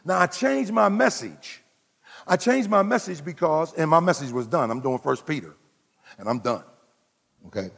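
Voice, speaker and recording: Gravelly preacher in a reverberant hall. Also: male voice, moderate pace. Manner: animated preaching, swinging from low murmurs to shouts. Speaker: pastor. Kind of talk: sermon. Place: church sanctuary.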